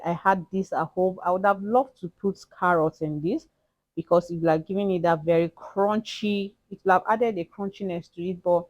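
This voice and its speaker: A woman talking through a cooking tutorial in a relaxed, chatty way, often repeating herself. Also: on the low side, no echo. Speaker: cooking channel host. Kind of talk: casual cooking tutorial voice-over.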